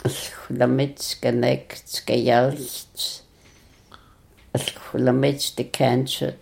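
Slow, gravelly-voiced language teacher. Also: mid-range voice, little pitch movement, darkish tone. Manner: slow, halting, searching for words. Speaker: native-language speaker teaching phrases. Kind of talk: radio language lesson.

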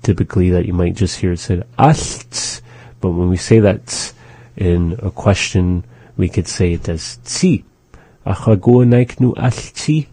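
A man hosting a radio language lesson, patiently repeating phrases slowly for learners. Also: deep voice, little pitch movement, warm tone, husky, dry recording. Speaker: language teacher on a radio show. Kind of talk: slow, repetitive language lesson.

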